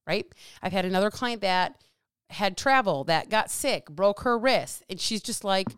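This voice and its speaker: Blunt, swearing woman with a smooth voice. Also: medium pitch, expressive, unhurried, fairly bright tone, no room sound, clean studio sound. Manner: blunt, emphatic, swears often, repeats phrases. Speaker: podcast host and nutrition coach. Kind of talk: casual monologue.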